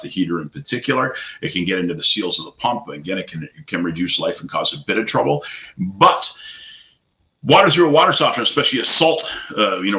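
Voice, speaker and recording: Man, deep voice, sharp tone, profane, salesy, casual Q&A host, slightly muffled audio. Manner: blunt, profane, salesy and emphatic. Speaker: host of a hot tub advice show. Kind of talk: casual live Q&A talk.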